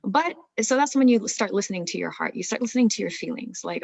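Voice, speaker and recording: A woman's voice: mid-range voice, expressive, quick pace, gravelly, hardly any pauses, darkish tone, husky. A woman therapist giving an earnest talk on marriage, explaining with many rhetorical questions.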